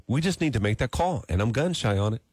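A man's voice: medium pitch, quick pace, husky, no echo. A man hosting a radio morning show, joking and bantering with his co-hosts in the studio. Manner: lively, joking, trails off and restarts.

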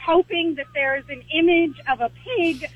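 A woman caller with a high voice, heard over a thin, tinny phone line. She tells her story animatedly and acts out the voices. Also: normal speed, dry recording. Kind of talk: telling a story on a call-in show.

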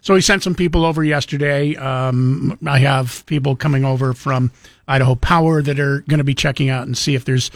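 A man's voice: medium pitch, fairly even intonation, brisk, dry recording. A man hosting a casual radio talk show and telling stories. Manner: storytelling with quoted voices and chuckles.

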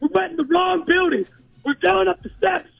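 A man calling in to a radio show, ranting in an excitable, hyped way and calling everyone "bro". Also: very high voice, moderate pace, gravelly. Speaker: regular caller. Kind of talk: excitable call-in rant. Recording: lo-fi call recording.

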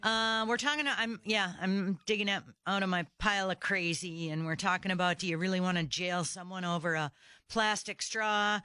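A woman's voice: on the low side, sharp tone, no room sound. Fired-up woman talk radio host. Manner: indignant, fired-up rhetorical questions. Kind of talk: opinionated talk radio monologue. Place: radio studio. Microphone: studio microphone.

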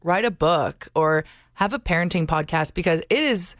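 Effusive low-voiced woman radio co-host. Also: expressive, normal speed, no room sound, studio quality. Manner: chatty, effusive, laughs often. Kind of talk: casual radio chat.

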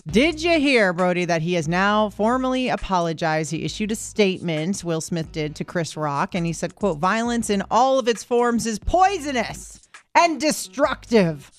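A woman co-hosting a morning radio show, chatty and expressive, laughing often as she talks over a studio microphone. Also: medium pitch, moderate pace, soft background music.

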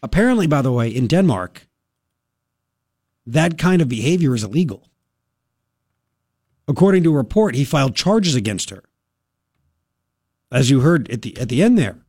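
A man's voice: mid-range voice, very animated, normal speed, pauses often, a little mellow, slightly rough, dry recording. A man hosting a talk radio show, ranting with sarcastic indignation into a studio microphone.

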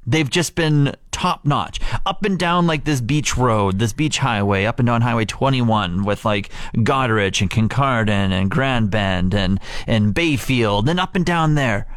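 A man's voice: medium pitch, expressive, unhurried, few pauses, no room sound. A man co-hosting a morning radio show, chatting casually in an enthusiastic, emphatic and rambling way from the studio.

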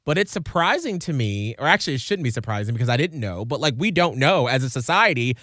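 A man's voice: mid-range voice, big pitch swings, fast, bright, forceful tone, no echo, clean studio sound. A man in casual podcast chat, speaking in a reflective, earnest way with many filler words.

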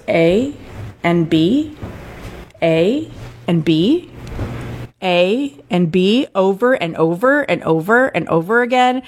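Animated storytelling woman in her forties. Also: a little hiss or hum. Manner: animated storyteller, jumps high for quoted voices. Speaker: guest. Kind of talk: casual chat.

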